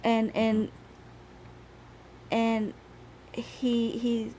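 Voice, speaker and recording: Woman slowly telling a history story on a podcast, gravelly voice, lots of laughing. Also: on the high side, a bit bright, slight background noise. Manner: laughs through her telling, halting restarts.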